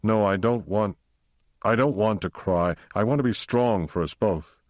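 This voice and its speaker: A distraught husband holding back sobs, read by a male narrator. His voice is deep and low, pleading and strained, recorded close and dry. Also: measured pace, darkish tone, no room sound, natural voice. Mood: anguished. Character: distraught husband, trying to stay strong.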